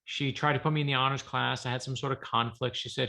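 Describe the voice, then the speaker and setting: A middle-aged man with a bright, slightly gravelly voice, telling stories in a casual interview. He acts out the people he quotes with animated energy. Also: medium pitch, fast talker. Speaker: author guest.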